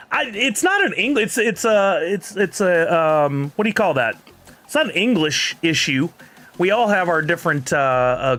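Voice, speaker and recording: A man's voice: on the high side, a bit bright. A man with a Texan accent chatting casually on a live stream, rambling and laughing often while reading chat.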